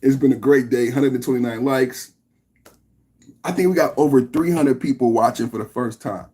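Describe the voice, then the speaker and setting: A man's voice: mid-range voice, moderate pace, husky. A man hosting a live-stream reaction podcast, chatting loosely and teasing in a mocking, profane way. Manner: loud, mocking, profane banter. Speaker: podcast host.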